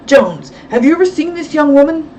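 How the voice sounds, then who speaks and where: A man's voice: very high-pitched, sing-song, brisk, darkish tone, highs cut off, voice pushed up. A woman reading aloud voices a demanding male villain who fires off questions, a bit distant over faint background noise. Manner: demanding, interrogating.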